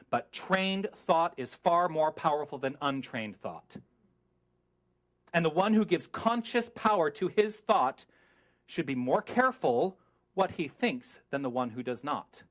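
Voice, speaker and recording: Middle-aged male minister, lively sermon delivery, slightly higher pitch, asks the room questions. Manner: animated, emphatic, asks the congregation questions, goes off on tangents.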